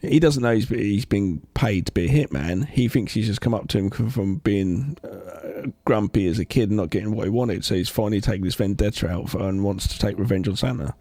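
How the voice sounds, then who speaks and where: A man's voice: lowish voice, a little fast, creaky, few pauses, mellow, no echo. Dry-sounding man chatting about a film. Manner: chimes in with jokes and plot details. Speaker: podcast co-host. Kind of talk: casual film recap chat.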